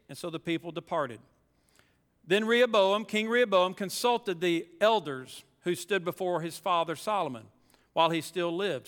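A male pastor delivers a sermon, reading scripture and pressing his points with emphatic asides. His voice is bright and clear, and it rings with a long reverb through a church sanctuary. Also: sits high, expressive, moderate pace. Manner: reads scripture aloud then preaches with emphatic asides.

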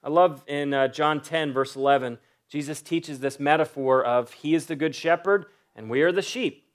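A man preaching a sermon, emphatic, stretching key phrases slowly for weight. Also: fairly high pitch. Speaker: pastor.

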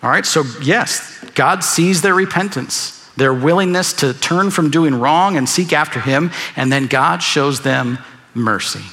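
A man preaching to his congregation with an earnest, emphatic delivery. His voice is bright and ringing and sits a little above the usual pitch, and he hammers home his points by repeating them. The sermon carries the long reverb of a large hall. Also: measured pace. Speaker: pastor.

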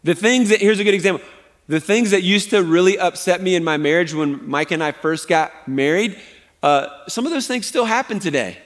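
A man preaching a sermon as pastor, conversational and animated, often asking his congregation "right?". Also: sits high, a little fast. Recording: long hall reverb.

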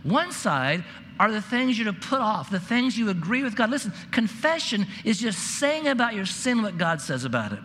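A man's voice: sits high, very animated, normal speed, pushed and bright, a little hiss or hum. A man preaching a sermon, telling a story earnestly and often repeating words as he presses a point. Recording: reverberant hall, faint ambience.

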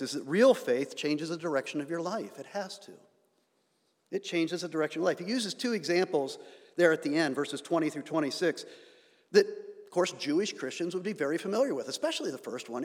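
Pastor, man, sermon delivery, slightly high voice, long church reverb, emphatic builds. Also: animated, brisk. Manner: rising emphatic delivery with sarcasm. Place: church sanctuary.

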